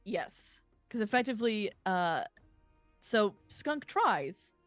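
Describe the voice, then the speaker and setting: A woman running a tabletop game as game master, talking in a halting way with many fillers. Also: medium pitch, very animated, dry recording, faint music behind.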